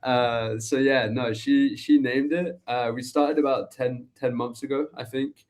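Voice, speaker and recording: A young Englishman appears as a guest in a casual interview, where he's introduced as an agency co-founder. He speaks loosely, full of fillers and laughs, in a mid-range, slightly mellow voice with a steady tone and measured pace.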